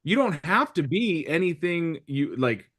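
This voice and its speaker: A man's voice: on the high side, a little slow. A man hosting a casual group recap, joking and asking the group questions. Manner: lively, joking, asks lots of questions. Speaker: group discussion host.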